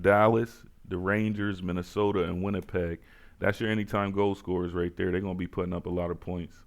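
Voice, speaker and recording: A man's voice: deep voice, gravelly. A man hosting casual sports betting picks, laid-back and repeating himself as he talks to viewers.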